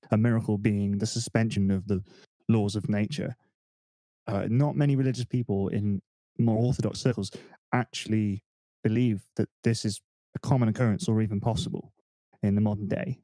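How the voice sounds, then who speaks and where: Low, mellow-voiced man explaining. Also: fairly even intonation, fairly quick, no room sound. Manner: explanatory, thinks aloud with fillers. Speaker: podcast co-host. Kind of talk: casual discussion. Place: home, remote call. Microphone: desk microphone.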